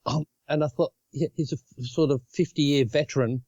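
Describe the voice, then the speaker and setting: An Australian man co-hosting a casual podcast, talking in halting, restarting phrases with easy chuckles. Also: on the high side, steady tone, vocal fry, a little mellow, dry recording, dull audio. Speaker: podcast co-host. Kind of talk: casual chat.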